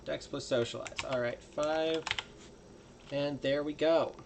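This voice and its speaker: A man playing a tabletop game, at times pitching goods like a salesman in character. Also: steady tone, slow, noisy background. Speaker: player.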